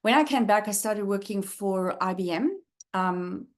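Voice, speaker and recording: A middle-aged South African woman speaks as a guest speaker, recounting her life in an earnest, reflective way. Her voice sits at an ordinary middle pitch, and she pauses often with soft fillers as she gathers her thoughts. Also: lively intonation. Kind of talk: personal storytelling talk.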